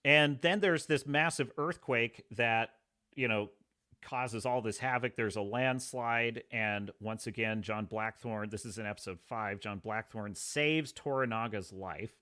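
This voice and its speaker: A man's voice: medium pitch, measured pace. A man hosting a live review, casually retelling episodes and acting out the characters' lines. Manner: animated storytelling, acts out characters' lines. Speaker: host.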